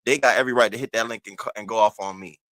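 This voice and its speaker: Man, livestream host, loose profane chat, bright tone, dry room. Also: fairly low pitch, racing, dry recording. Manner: loose, profane, talks to chat viewers by name.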